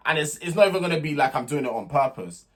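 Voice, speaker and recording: A young man with a fairly high voice, talking casually and with emphasis. His delivery is slangy and chatty, like someone giving his opinions straight to camera. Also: lively intonation, quick pace. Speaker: reality show recap host. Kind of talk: casual recap commentary.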